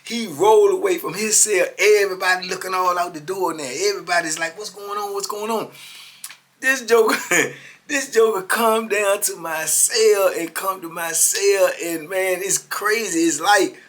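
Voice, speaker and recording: A man in his fifties telling a personal story in a casual, animated street style, full of slang and asides. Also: sits high, moderate pace. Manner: animated, laid-back slang, frequent "you know what I'm saying". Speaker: storyteller guest.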